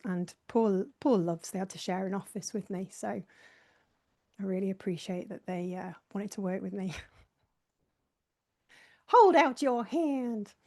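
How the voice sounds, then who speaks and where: A woman's voice: medium pitch, mellow. A woman hosting a live online session, talking casually through her slides in a chatty, self-mocking way and laughing often. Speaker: host presenting a slideshow.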